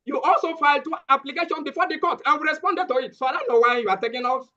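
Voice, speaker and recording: A man's voice: very high-pitched, quick pace, pushed and bright. A man, a lawyer indignantly objecting in court. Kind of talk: courtroom proceedings. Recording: dull lo-fi sound.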